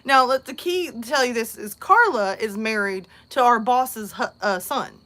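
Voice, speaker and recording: A woman hosting her channel, telling a story in a casual, animated way, laughing often and acting out other people in squeaky voices. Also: moderate pace. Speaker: channel host.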